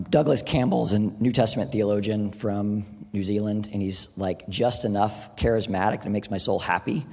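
A man's voice: fairly low pitch, breathy edge. A man preaching a sermon in a casual, conversational way, often saying "like" and "right?". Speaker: pastor. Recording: long hall reverb.

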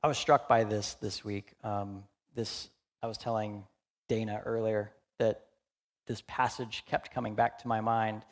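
A man in his forties, a pastor preaching a candid, conversational sermon that swings between loud emphasis and hushed, quiet moments. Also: lowish voice, flat delivery, unhurried. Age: 40s.

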